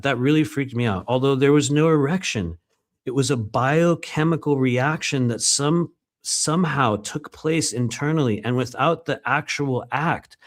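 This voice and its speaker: A man reading aloud from his own book during a live stream, breaking off often into loose, conversational asides with plenty of fillers. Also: mid-range voice. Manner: conversational and digressive, many fillers.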